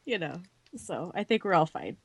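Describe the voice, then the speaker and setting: A woman's voice: lowish voice, big pitch swings, moderate pace, creaky, slightly rough, dry recording. Co-host: woman, mid-range voice, rambling casual chat, dry close sound. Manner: rambling, laughs often. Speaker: podcast co-host.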